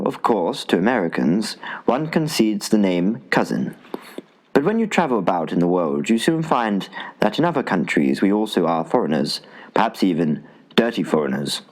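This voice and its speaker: A man reading a travel essay aloud as an audiobook narrator, in an expressive style with dry humor. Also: fairly low pitch, normal speed, rough recording. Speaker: audiobook reader. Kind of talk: scripted narration.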